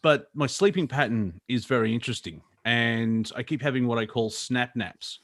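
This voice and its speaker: A man's voice: medium pitch, a bit bright, no echo. Male caller, lots of ums and uhs, chuckles, dry close sound. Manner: rambling, halting with many fillers, laughs. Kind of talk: casual chat.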